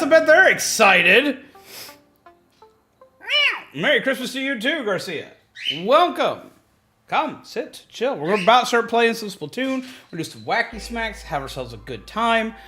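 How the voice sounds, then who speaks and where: Excitable high bright-voiced male streamer. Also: a little slow. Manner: chatty, excitable, repeats himself. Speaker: livestream host. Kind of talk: casual livestream chat. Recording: faint background music.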